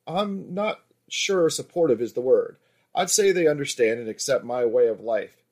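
A man's voice: mid-range voice, animated, normal speed, a little mellow, close to an everyday voice. Confident female escort, voiced by a man, frank, matter-of-fact, erotic story reading.

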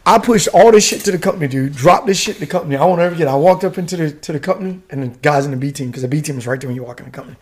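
A man's voice: on the high side, racing, hardly any pauses, a little mellow, breathy edge. A man telling a war story in casual chat, full of slang and swearing and breaking into laughs. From United States. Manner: profane, laughing, slangy with dude and bro. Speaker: guest, retired Army warrant officer.

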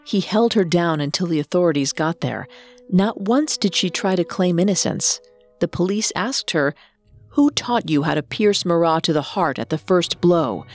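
Low-voiced woman narrating true crime. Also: expressive, moderate pace, soft background music. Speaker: podcast co-host narrator.

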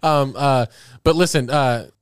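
A man's voice: mid-range voice, measured pace, noisy background, lightly acted. A man playing a pushy bear publicist. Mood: coaxing. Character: fussy male bear team publicist, pushy and upbeat.

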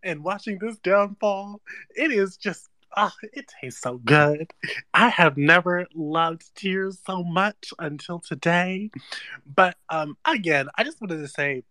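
Gleeful bright-voiced guest commentator. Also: mid-range voice, takes it slowly, no room sound. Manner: gleeful, animated storytelling. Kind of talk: live-stream reality show chat.

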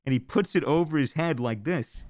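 A young man, a podcast host, telling a story in casual chat, animated, acting out quotes and swearing freely. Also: fairly high pitch, moderate pace, no room sound, studio quality.

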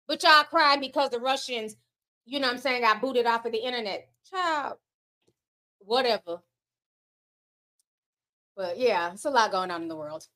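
A woman with a high, bright voice hosts a casual livestream. She reads out super chats and answers them in a sassy, animated way, swearing freely and talking straight to her viewers. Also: brisk.

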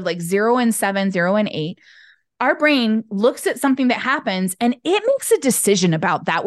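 A middle-aged woman guest on a podcast, telling a story casually and with animation, jumping up in pitch to act out childhood voices. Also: no room sound, studio quality. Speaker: podcast guest, business owner.

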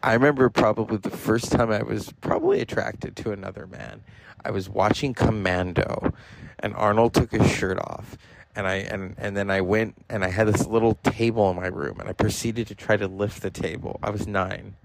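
Podcast host, man, forties: deep fried-edged voice, loose and profane, chatty storyteller. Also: steady tone, moderate pace, gravelly, poor audio. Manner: rambling, profane, with frequent fillers. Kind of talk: casual personal storytelling.

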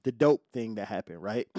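A man's voice: fairly low pitch, a little slow, no room sound, clean studio sound. Heated profane man on a solo podcast. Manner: heated, profane storytelling, swings from calm to shouting. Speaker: podcast host.

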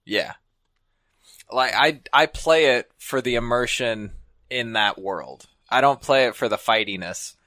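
A man's voice: medium pitch, unhurried, pushed and bright, no room sound. Laid-back man, dry close mic. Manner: laid-back, puts on a drawling cowboy voice. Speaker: podcast co-host tasting whiskey. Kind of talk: casual chat.

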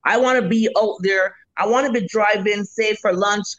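A middle-aged Jamaican woman, a food vendor, chatting in an interview as a lively storyteller who swears freely. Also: mid-range voice, normal speed, no echo, lo-fi sound. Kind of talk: casual interview chat.

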